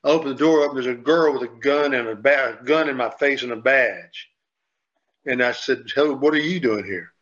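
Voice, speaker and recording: A man's voice: medium pitch, fairly even intonation, moderate pace, fairly bright tone. A man on a sports radio show, rambling and repeating himself as he tells a story and acts out what people said. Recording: dull lo-fi sound.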